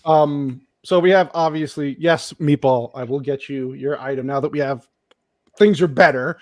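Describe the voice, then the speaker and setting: A man's voice: mid-range voice, steady tone, normal speed, a little mellow, dry recording. A man hosting a casual podcast over a video call, talking loosely and joking with his co-hosts. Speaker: podcast host. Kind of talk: casual chat. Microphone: home mic on a video call stream.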